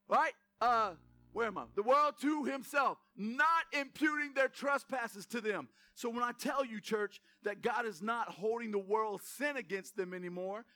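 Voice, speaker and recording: Fired-up high-voiced preacher man. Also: sharp tone. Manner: fired-up, addresses congregation directly, emphatic repetition. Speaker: pastor. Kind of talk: energetic sermon. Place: church sanctuary.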